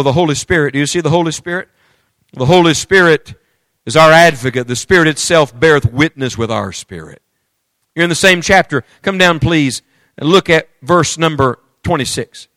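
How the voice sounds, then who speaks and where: A man preaching a sermon, moving between loud emphatic declarations and hushed, intimate storytelling, reading scripture aloud in old-fashioned wording. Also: fairly high pitch, dry recording. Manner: reads scripture aloud in King James wording.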